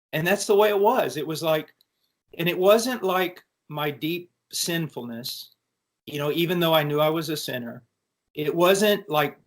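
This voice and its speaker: A man speaks with a fairly high pitch as he tells a personal testimony. He is an earnest preacher addressing college students, and he often breaks off and restarts his sentences. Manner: earnest storytelling with frequent restarts.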